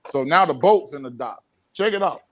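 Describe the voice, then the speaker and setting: A man co-hosts a relaxed reaction chat, telling his partner where to skip and pointing out what is happening on screen. His voice sits slightly above the usual male range. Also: a little high, normal speed, background noise. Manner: directing the playback, explaining events. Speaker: co-host reacting to a video.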